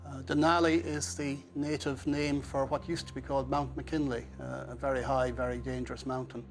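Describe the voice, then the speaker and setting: A man's voice: mid-range voice, flat delivery, normal speed. A man, a quiz contestant, thinking aloud in a musing way before answering. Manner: musing, thoughtful.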